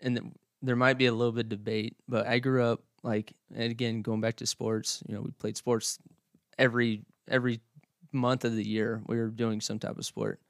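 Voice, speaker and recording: Podcast co-host, Midwestern man, gravelly mid-range voice, relaxed. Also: mid-range voice, normal speed, dry recording, clean studio sound. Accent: Midwestern American. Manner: easygoing, laughs often, rambling. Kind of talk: casual chat.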